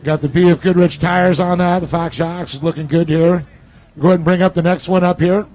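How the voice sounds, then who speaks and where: Interviewing one driver after the next, a male host at a live off-road race speaks a little fast in a voice that sits high for a man. His energy never drops as he hypes and cheers the drivers on. It's a low-quality outdoor recording made at the event.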